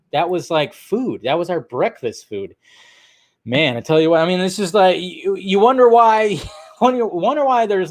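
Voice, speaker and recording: A casual man with a fairly high voice hosts a loose movie-news livestream. He rambles, swears freely and breaks into laughter, reading from articles and drifting into tangents. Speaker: movie news channel host.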